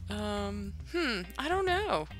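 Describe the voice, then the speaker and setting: A woman's voice: mid-range voice, big pitch swings, takes it slowly, fairly bright tone, faint music behind. A woman chatting casually while playing a building game, musing aloud with hesitant asides and giggles. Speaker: Minecraft let's-play host. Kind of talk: casual gameplay chat.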